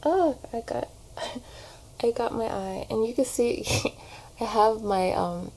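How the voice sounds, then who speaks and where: Casting note: woman vlogger, relaxed get-ready-with-me chat, mellow voice with some vocal fry, camera mic at home. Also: on the high side, slow, poor audio. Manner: chatty, rambling, many "like" fillers. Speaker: vlogger and actor. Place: at home, doing makeup in front of a mirror. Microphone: camera propped on a shelf.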